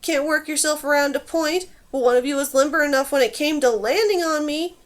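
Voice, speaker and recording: A woman voicing a quick-tempered male squirrel who scolds and teases. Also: high-pitched, expressive. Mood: taunting. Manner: scolding, cheeky.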